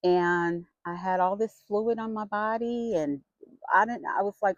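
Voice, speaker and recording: A middle-aged woman vlogger telling a personal story in a frank, chatty and expressive way. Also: medium pitch, unhurried, no room sound. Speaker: vlogger sharing her health story. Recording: dull lo-fi sound.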